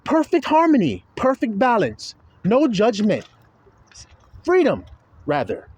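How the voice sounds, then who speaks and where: A man's voice: sits high, wildly swooping pitch, slow pace, a little mellow, breathy edge. A man preaching an informal sermon, folksy and profane, talking straight to his listeners.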